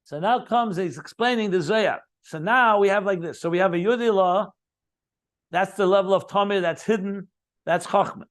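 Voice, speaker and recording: High-pitched man teaching a text. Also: moderate pace. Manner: explains, repeats key terms, enthusiastic asides. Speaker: Chassidus teacher. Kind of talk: Talmudic-style text study lesson.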